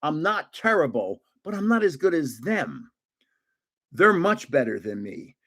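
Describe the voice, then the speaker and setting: A man's voice: fairly high pitch, measured pace. A man in his seventies casually telling gaming stories on a livestream, laughing often as he goes. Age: 70s. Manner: animated, laughs often, restarts. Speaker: livestream host. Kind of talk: casual storytelling.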